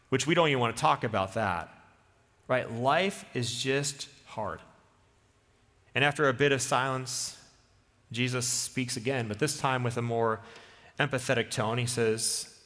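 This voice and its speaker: A man preaching a sermon as a pastor, telling a story in the second person with lively, dramatic delivery. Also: medium pitch, normal speed. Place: church sanctuary. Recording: long church reverb.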